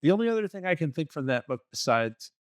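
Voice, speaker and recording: A man's voice: on the high side, sing-song, fast talker, clear, resonant tone, no room sound, studio quality. A man co-hosting a relationship coaching podcast, giving blunt, profane advice in a casual way and acting out little scenes. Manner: blunt and profane, acts out quoted dialogue.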